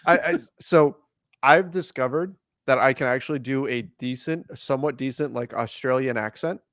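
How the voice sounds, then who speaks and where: A man's voice: mid-range voice, moderate pace, fairly bright tone, no echo, clean studio sound. A man hosting a sports podcast in a conversational, self-deprecating way and steering the talk to the next topic. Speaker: podcast host. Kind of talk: casual sports chat.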